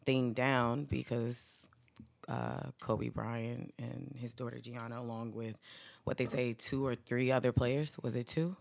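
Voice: medium pitch, little pitch movement, measured pace, gravelly, no room sound. A podcast co-host telling a story in casual group chat, rambling with plenty of "um" and "like". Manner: rambling storytelling with frequent fillers.

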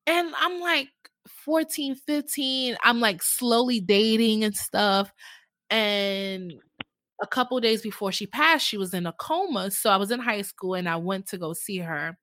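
A young woman in casual conversation, telling an emotional personal story with animated voices for the people in it. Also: mid-range voice, measured pace, no room sound. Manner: emotional, animated, acts out voices in her stories.

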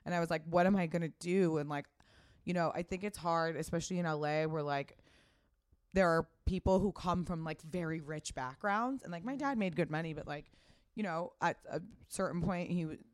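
A woman's voice: deep voice, normal speed, no room sound, studio quality. A woman in her thirties from the United States, a fashion brand founder, talking casually in an interview, rambling with many fillers and the odd swear word.

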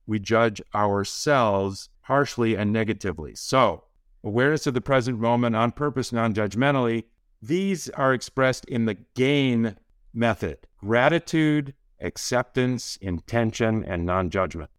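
Man, podcast guest, calm measured explaining, close dry recording. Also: mid-range voice, clear, resonant tone, no room sound. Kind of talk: conversational interview.

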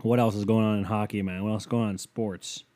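A man's voice: on the low side, flat delivery, quick pace, dark tone, dry recording. A young man from Ohio hosting a solo podcast, rambling, swearing and mocking himself, on a headset mic. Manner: profane, self-mocking, rambling. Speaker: podcast host.

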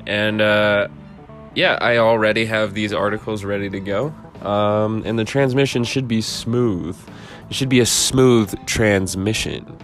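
A man hosting a casual political podcast in a monotone voice, rambling with laid-back asides while reading an article aloud. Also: lowish voice. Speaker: podcast host.

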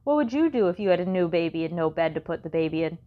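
A woman's voice: fairly low pitch, lively intonation, fast, phone-quality sound, close to an everyday voice. A woman playing a patient, explaining mother. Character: patient mother reading scripture, mildly exasperated. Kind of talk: audiobook character voice.

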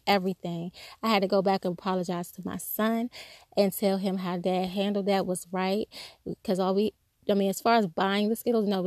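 A woman's voice: medium pitch, a little mellow, no room sound, clean studio sound. A woman giving a conversational devotional talk, telling personal stories candidly and acting out the voices of people she quotes. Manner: acts out quoted speech. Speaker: Christian speaker.

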